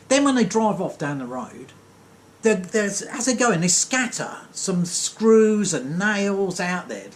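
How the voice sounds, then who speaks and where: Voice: mid-range voice, sing-song, moderate pace, a little hiss or hum. A comic storyteller giving a sarcastic, digressive rant monologue.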